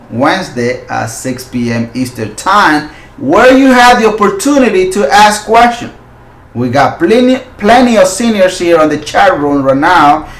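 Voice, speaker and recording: Man, forex stream host, excitable, loud hype bursts, non-native phrasing, slightly high voice, roomy echo. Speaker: forex trading channel host. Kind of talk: live market analysis stream.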